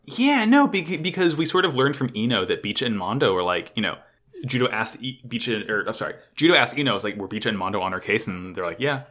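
A man co-hosting a podcast, recapping an anime episode in excitable, swear-heavy casual chat and acting out characters' lines. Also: medium pitch, quick pace. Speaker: podcast co-host.

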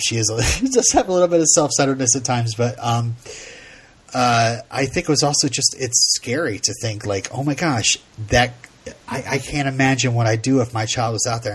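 A man's voice: mid-range voice, breathy edge. A man co-hosting a casual show recap, rambling and laughing often as he retells scenes. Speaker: podcast co-host.

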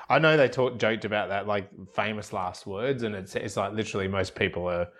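A man's voice: on the low side, a little fast, a bit bright. A man casually retelling a film plot, laughing often. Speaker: podcast co-host. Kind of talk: casual film recap chat.

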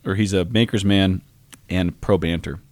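Low-pitched guy chatting on a podcast, teasing, dry close mic. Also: steady tone, moderate pace, darkish tone, dry recording. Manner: storytelling, teasing. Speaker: podcast co-host. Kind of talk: casual chat.

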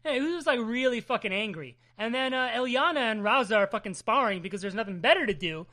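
A woman's voice: on the high side, quick pace. A woman chatting casually about a comic book issue, swearing often and laughing as she retells scenes. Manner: profane, laughing, animated storytelling. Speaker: comic book podcast co-host. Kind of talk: casual chat recapping a comic.

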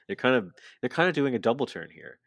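A man's voice: mid-range voice, sing-song, quick pace, creaky, a bit bright, dry recording, studio quality. A man co-hosting a podcast, casually recapping a wrestling segment and loosely acting out the quotes. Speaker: podcast co-host.

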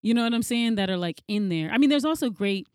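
Animated woman telling a story, dry mic. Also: fast talker, clear, resonant tone, no echo. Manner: animated storyteller, acts out quotes in a high voice. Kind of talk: casual chat.

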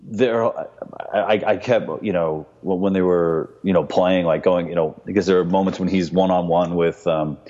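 A man co-hosting a casual movie recap, animated, mocking scenes in high put-on voices. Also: normal speed. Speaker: podcast co-host. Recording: dull sound with long reverb.

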